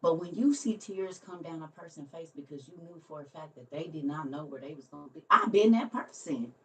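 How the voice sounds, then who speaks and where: A woman who hosts a livestream and tells a story in a casual way. She laughs often and swings between soft, quiet lines and loud ones. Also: low-pitched, fairly quick, far from the mic. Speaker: livestream host.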